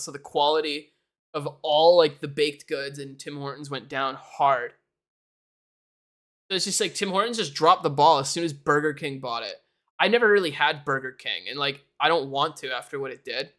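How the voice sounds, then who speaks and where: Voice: medium pitch, a bit bright. A young adult from Canada, chatting casually and rambling on a live stream while reacting to chat. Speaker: livestreamer.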